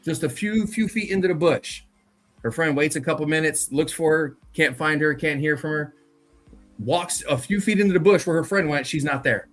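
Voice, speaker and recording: A man's voice: fairly high pitch, normal speed, a bit bright, faint music behind. A man telling a spooky story in a loose, profane, slang-heavy casual chat, talking directly to his co-host. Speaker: podcast co-host.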